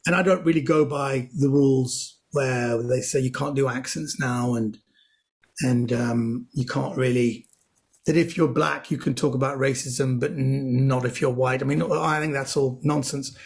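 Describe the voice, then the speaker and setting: A man telling comedy anecdotes in a podcast interview, lively and full of quoted voices. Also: medium pitch, a little slow, creaky. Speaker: comedian guest.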